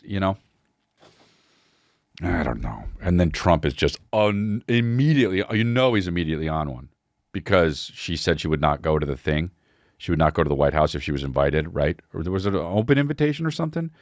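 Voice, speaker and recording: A man's voice: sits low, dry recording, clean studio sound. A man hosting a comedy podcast, ranting casually with a lot of swearing and calling people "dude.". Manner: profane, riffing, says dude a lot. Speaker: podcast host.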